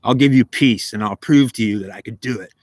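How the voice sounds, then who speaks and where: A man's voice: mid-range voice, a little fast, no room sound, lightly acted. A man voicing a domineering male devil who calls himself god of this world and demands to be acknowledged, threatening and insistent.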